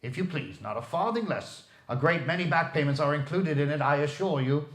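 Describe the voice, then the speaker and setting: A man's voice: on the high side, expressive, a little fast, lightly acted. A man playing an old miser, now reformed and overjoyed, with eager, effusive speech. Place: library room. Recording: echoey room.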